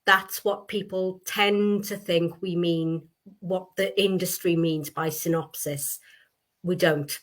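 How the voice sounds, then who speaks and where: A woman co-hosting a casual chat about writing, explaining things plainly and briskly. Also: on the low side, steady tone. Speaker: writing coach, co-host.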